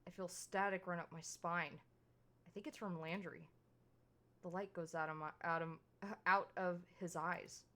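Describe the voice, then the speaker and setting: A woman's voice: on the low side, steady tone, a little slow, fairly bright tone. A woman streamer reading a visual novel aloud in a casual way, often stumbling over words and correcting herself.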